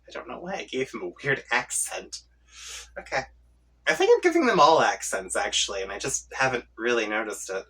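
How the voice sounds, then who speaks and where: A man reacting casually as he reads a webcomic aloud, with quick, profane asides. His pitch is very lively and his voice is bright and slightly husky. The mic sits at a distance from him. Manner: swearing, laughing asides. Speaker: comic reader.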